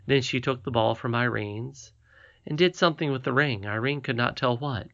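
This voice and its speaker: A man narrating a storybook as an audiobook reader, soft and unhurried. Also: medium pitch, creaky, no echo, highs cut off.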